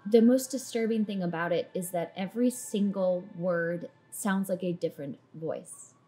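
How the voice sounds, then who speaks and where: A woman narrating a tabletop game as dungeon master, in descriptive, sometimes halting narration. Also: lowish voice, warm tone, soft background music.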